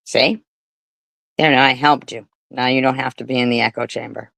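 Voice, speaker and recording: A woman's voice: extremely low pitch, steady tone, normal speed, vocal fry, fairly bright tone, no room sound. A woman hosting a livestream, talking casually and sarcastically back at commenters. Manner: sarcastic and confrontational. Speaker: livestream host.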